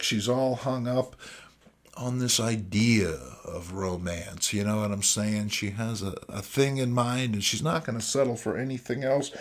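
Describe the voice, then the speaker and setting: A man hosting a casual, jokey review of old comics, full of sardonic asides and "you know what I mean.". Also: mid-range voice. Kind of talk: casual comedic commentary.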